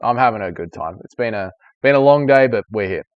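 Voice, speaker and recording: A man's voice: lowish voice, lively intonation, brisk, no room sound, lo-fi sound. Australian man hosting a live stream. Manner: joking, profane, banters with chat. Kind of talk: casual live stream chat, reading viewer comments.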